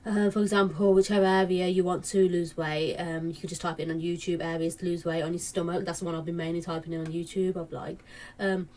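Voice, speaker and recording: A woman's voice: on the low side, level tone, fairly quick, darkish tone. A woman in her late twenties chatting casually to camera, rambling with lots of fillers and restarts. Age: late 20s. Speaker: vlogger.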